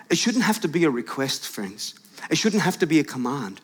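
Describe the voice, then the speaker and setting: A male pastor preaching a lively sermon to his congregation, questioning the room and shouting at its peaks. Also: a little high, normal speed. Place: large church hall with congregation. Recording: live church hall with long reverb.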